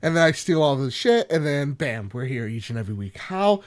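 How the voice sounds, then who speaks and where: A man in a lively, joking podcast monologue, his voice sitting a little high and leaping up and down as he rambles. He swings between loud mock outrage and muttered asides. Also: brisk. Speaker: podcast host. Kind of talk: solo podcast chat.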